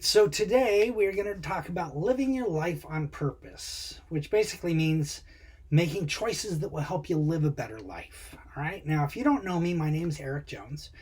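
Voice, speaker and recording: A man's voice: fairly high pitch, husky. A man who coaches people on finding their purpose, talking casually and conversationally to the camera and asking the viewer questions. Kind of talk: casual motivational talk to camera.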